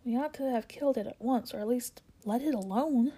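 A woman voicing a decent, red-haired male dwarf who talks in brisk exclamations, reading a storybook aloud. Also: on the high side, warm tone, slight background noise, close to an everyday voice. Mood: indignant.

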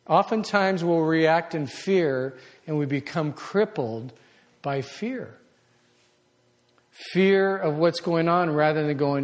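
A man preaching a conversational sermon, animated and acting out the voices of people he quotes. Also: fairly high pitch. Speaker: pastor. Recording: long hall reverb.

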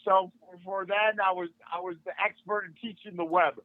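An older man with a high-pitched voice, a martial arts instructor appearing as a podcast guest, tells a casual story at a moderate pace. He's animated, acting out the quoted dialogue. The recording is dry, with no room sound, and has a tinny phone-line quality.

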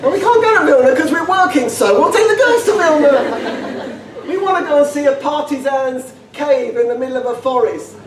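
Animated, stammering man in an echoey room. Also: very high-pitched, moderate pace, a crowd in the background. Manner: animated, stammering repetitions, laughs often. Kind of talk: informal talk with humorous anecdotes. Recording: echoey room, distant mic, background noise.

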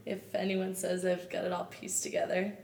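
Easygoing woman guest, low and roomy. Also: moderate pace, gravelly, far from the mic. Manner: relaxed, easygoing, laughs readily. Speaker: podcast guest. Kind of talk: casual chat. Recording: roomy, off-mic with faint noise.

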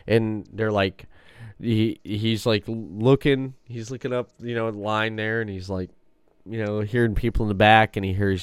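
Man, low voice, podcast host, casual rambling chat, dry close sound. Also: steady tone, moderate pace, smooth, dry recording. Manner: rambling storyteller, laughs often.

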